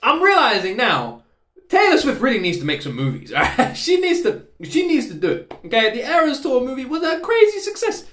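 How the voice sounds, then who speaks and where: An excitable man talks his way through a reaction video, joking and swinging between loud outbursts and quiet musing. His voice sits high and leaps around constantly. The room around him is echoey. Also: a little fast. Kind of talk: casual reaction commentary.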